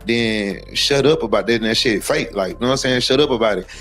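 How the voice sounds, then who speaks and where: Over soft background music, a man from Texas talks fast as an interview guest in a casual conversation. His mid-range, fairly bright voice comes across heated and profane, rambling through asides and repeatedly asking "you know what I'm saying".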